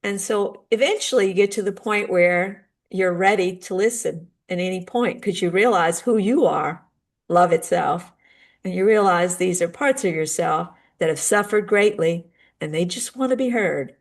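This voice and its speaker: A middle-aged woman and spiritual guide speaking in a gentle, earnest way about healing, now and then acting out little dialogues. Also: on the low side, normal speed. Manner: gentle, earnest, acts out short dialogues with lively shifts. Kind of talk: heartfelt talk on healing grief.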